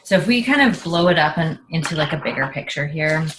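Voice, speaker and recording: A woman's voice: sits low, animated, brisk, background noise. A woman co-hosting a relationship coaching podcast, frank and casual, swearing now and then.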